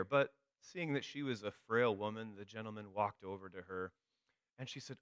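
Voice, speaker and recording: A man's voice: fairly low pitch, normal speed, clean tone, no echo. A man giving a sermon, telling a story with dry humor. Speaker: preacher.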